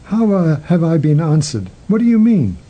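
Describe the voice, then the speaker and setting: A man voicing an earnest king who pleads respectfully for answers, in a husky voice. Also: on the high side, animated, moderate pace, highs cut off. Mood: puzzled. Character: earnest young male king seeking answers.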